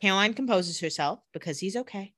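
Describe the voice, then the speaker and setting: A woman's voice: mid-range voice, fairly bright tone, no room sound, clean studio sound. A woman co-hosting a podcast, recapping a TV episode in casual chat with sarcastic asides. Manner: sarcastic asides while retelling scenes, quick laughs.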